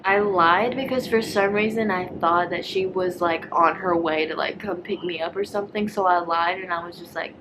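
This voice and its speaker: A woman's voice: lowish voice, steady tone, brisk, few pauses, noisy background. A young woman vlogger telling a storytime in a rambling, filler-heavy way, slipping into whispered asides. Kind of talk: casual storytime vlog.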